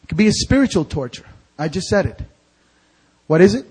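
A male pastor preaching an evangelical sermon in a church sanctuary. He quizzes the congregation with fill-in-the-blank questions and swings from hushed to shouted. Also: high-pitched, very animated, brisk, breathy edge, poor audio.

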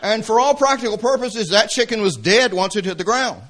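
A man's voice: high-pitched, animated, fairly quick, a bit bright, a faint crowd. A man with a Southern American accent from Atlanta, preaching a sermon as pastor, mixing emphatic exhortation with storytelling asides. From Atlanta, Georgia, US. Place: church service.

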